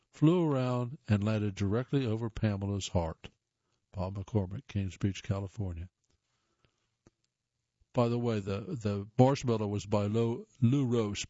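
Mellow man reading stories aloud. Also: on the low side, no room sound, lo-fi sound. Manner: plain reading with occasional stumbles and restarts. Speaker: reader of listener stories.

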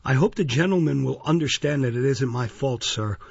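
A sly, fawning matron of a baby farm, as a man puts her on in a storybook reading, ingratiating and servile in a slightly raised, husky voice. The recording is dry and dull. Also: fairly high pitch, moderate pace, no echo. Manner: ingratiating and servile, sharp with the children.

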